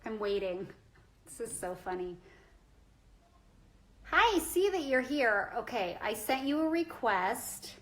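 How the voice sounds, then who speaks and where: A woman's voice: fairly high pitch, sing-song, takes it slowly, long pauses, rough recording. A woman hosting a casual live chat from indoors on a phone, bubbly and chatty, laughing often. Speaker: livestream host. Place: indoors at her quarantine lodging.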